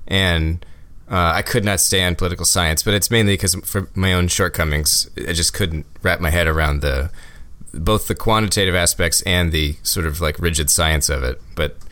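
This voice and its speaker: A man hosts an interview podcast, moving from read intros to loose, self-deprecating chat. His voice sits on the low side. The sound is close and dry. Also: fairly even intonation, moderate pace, fairly bright tone, dry recording. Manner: easygoing, self-deprecating, laughs often. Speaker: podcast host. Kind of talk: scripted intro and conversational interviewing.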